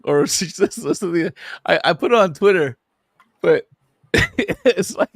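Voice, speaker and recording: Man on a panel, gravelly, highish lively voice, laughing and joking. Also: a little slow, long pauses, dry recording, clean studio sound. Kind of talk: casual panel chat.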